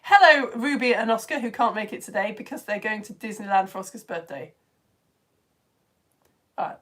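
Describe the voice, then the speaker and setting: A woman's voice: medium pitch, moderate pace, a bit bright. A woman with a British accent hosting a live online science lesson for home-educated children, reading viewers' chat messages aloud in a bubbly, chatty way and laughing often. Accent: British English.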